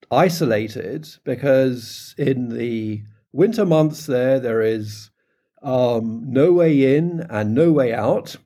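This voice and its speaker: British guy, middle-aged, being interviewed, lots of ums and restarts, unhurried and kind of warm. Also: mid-range voice. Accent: British English. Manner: hesitant, many ums and restarts. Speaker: phonetics researcher, interviewee. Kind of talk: unscripted interview answer.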